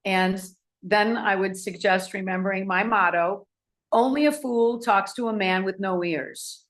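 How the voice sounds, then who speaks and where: A woman telling a personal anecdote to an audience, animated and acting out the people in it. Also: medium pitch, unhurried. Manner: animated, acts out voices in anecdotes. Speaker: speaker. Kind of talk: storytelling talk to an audience.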